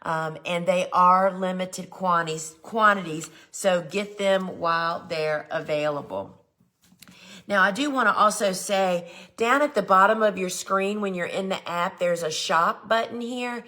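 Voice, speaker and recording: Speaking a little slowly in a low, bright and forceful voice, this live shopping host shows off flower seed sets on her gardening show. She's chatty and enthusiastic, with plenty of "y'all" in her casual talk.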